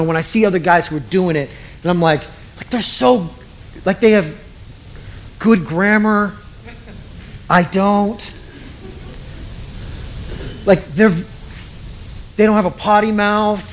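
High-voiced man preaching casually. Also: a little hiss or hum. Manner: casual, joking, acts out quoted voices. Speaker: pastor. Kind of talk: sermon.

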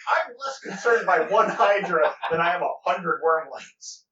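A man playing in a tabletop game, chatting casually and excitably and laughing often. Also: sits high, unhurried, crowd noise. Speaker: player. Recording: roomy, distant, lo-fi.

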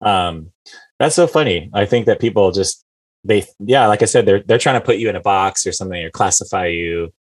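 A man hosting a casual podcast chat, rambling and acting out quoted people in animated voices. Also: lowish voice, a little fast. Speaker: podcast host.

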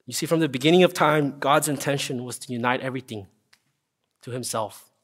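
A young man preaching a casual, earnest sermon, often checking in with listeners with a quick "right?". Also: mid-range voice. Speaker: pastor. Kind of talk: conversational sermon.

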